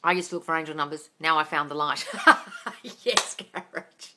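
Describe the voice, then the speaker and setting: A woman's voice: low-pitched, moderate pace, background noise. A woman hosting a casual live-stream Q&A. She reads out viewer comments, swears freely and calls listeners darling. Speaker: host of a manifesting Q&A live stream.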